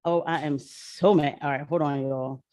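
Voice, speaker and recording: A woman's voice: deep voice, moderate pace, no echo, clean studio sound. A woman talking casually to viewers on a livestream, chatty and slangy, drifting between asides and opinion. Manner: chatty, slangy, animated, addresses viewers as y'all. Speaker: political commentator livestreaming.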